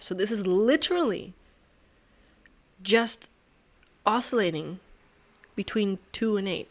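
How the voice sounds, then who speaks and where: A woman hosting a sudoku video who thinks aloud as she solves. She is excitable and swears and laughs in disbelief as she talks to herself and her viewers. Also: medium pitch, takes it slowly, pauses often. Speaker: host solving a sudoku puzzle. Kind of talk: thinking aloud while solving a puzzle.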